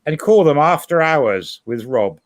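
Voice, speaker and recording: A middle-aged man appears as a co-host guest on a livestream, chatting casually in a slightly high, lively voice at a somewhat slow pace. He rambles through long examples and keeps correcting himself as he tells his stories.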